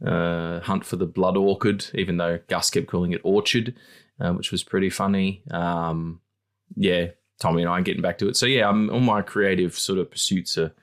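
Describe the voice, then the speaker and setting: A man co-hosting a podcast, rambling in casual chat, swearing freely and acting out quotes in squeaky voices. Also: fairly even intonation, normal speed. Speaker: podcast co-host.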